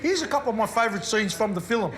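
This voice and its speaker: A higher-pitched man chats casually as host, bragging about his film between clips. His talk is relaxed and cocky. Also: fast, a crowd in the background. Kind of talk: casual chat.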